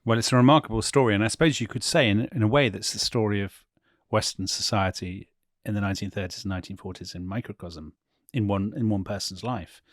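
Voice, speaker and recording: Animated storytelling man, dry sound. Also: on the low side, fast, no echo. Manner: animated, laughs often while telling a story. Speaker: history podcast co-host. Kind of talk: casual conversational storytelling.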